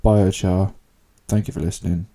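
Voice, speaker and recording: Here the podcast host sounds mellow, with a low voice that barely moves in pitch and an ordinary pace. He's still chatty and rambling on his casual solo podcast, swearing in passing and stifling yawns.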